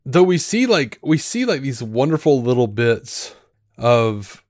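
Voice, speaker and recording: A man co-hosting a podcast, talking through a show review in a rambling, animated way with lots of fillers and restarts. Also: medium pitch, measured pace, no room sound, clean studio sound. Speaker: podcast co-host. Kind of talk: casual review chat.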